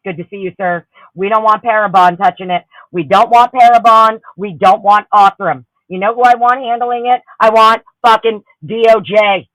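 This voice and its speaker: A woman's voice: medium pitch, steady tone, normal speed, hardly any pauses, fairly bright tone, no echo, poor audio. A woman hosting a livestream, ranting heatedly and with lots of swearing while greeting her chatters. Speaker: livestream host. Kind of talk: profane ranting livestream chat.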